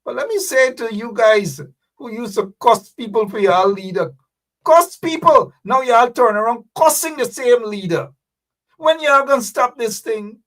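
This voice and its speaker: A man's voice: extremely high pitch, normal speed, distant mic. A man with a Guyanese accent hosting a political commentary show, ranting and scolding with rhetorical questions. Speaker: host.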